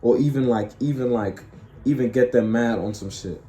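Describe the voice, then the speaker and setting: A man's voice: mid-range voice, moderate pace, mellow, reverberant, slight background noise, poor audio. A man streaming his casual reaction to a clip, talking in loose slang, rambling and asking "you feel me" again and again.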